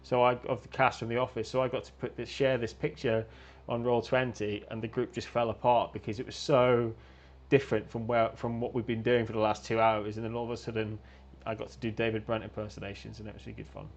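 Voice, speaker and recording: A man guest in a casual chat on a video call, talking in a halting, self-deprecating way and restarting his sentences. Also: mid-range voice, flat delivery, muffled recording. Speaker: guest, game designer and game master.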